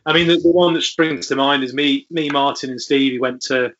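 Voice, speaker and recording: A man's voice: medium pitch, fairly even intonation, fairly quick, fairly bright tone, lo-fi sound, a little hiss or hum. A man, a podcast guest, telling stories in a rambling way with many fillers. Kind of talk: casual storytelling interview.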